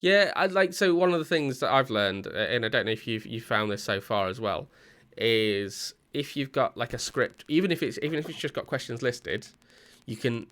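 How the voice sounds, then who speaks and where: A man chats loosely on a podcast, hesitating and filling his gaps with "um" and "like." His pitch sits in an ordinary middle range, and he never settles into a prepared script. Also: moderate pace, fairly bright tone. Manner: rambling, hesitant, many fillers. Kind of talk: casual podcast chat.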